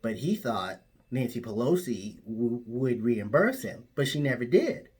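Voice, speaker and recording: A man's voice: medium pitch, sing-song, a little slow, darkish tone, breathy edge. A man telling an absurd made-up story in a straight, matter-of-fact comic way. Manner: absurd tall tale told matter-of-factly.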